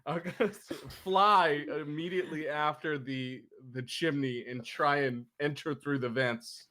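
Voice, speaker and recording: A man plays in a tabletop game, narrating his character's actions with a playful, chuckling manner. His voice is bright and forceful and sits a little high for a man. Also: unhurried. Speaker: player.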